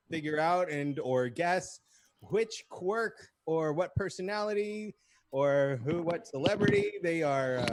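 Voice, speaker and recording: A man's voice: high-pitched, no room sound. A man hosting a live improv comedy show, joking and explaining a game loosely with fillers. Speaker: show host.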